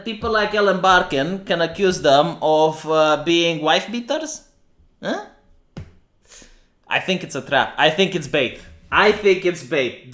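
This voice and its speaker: A man's voice: high voice, bright, forceful tone. A man with a Romanian accent giving opinionated, sarcastic livestream commentary, often restarting his sentences. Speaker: streamer.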